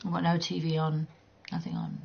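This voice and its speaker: A woman chats and teases her viewers while gaming, blunt and quick to swear. Her voice is husky and breathy, with a gravelly edge. The sound is dull and lo-fi, like a cheap stream mic. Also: low-pitched, huge pitch swings, a little mellow. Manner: blunt, teasing, swears freely, laughs often. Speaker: livestreamer. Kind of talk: casual chat while gaming.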